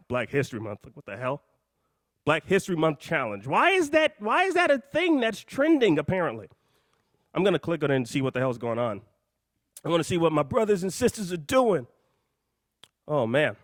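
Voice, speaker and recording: Breathless guy hosting a live show, kinda high voice, hyped and rambly, dry close mic. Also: no room sound. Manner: hyped, jokey, rambling, swings loud and soft. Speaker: host of a live call-in show.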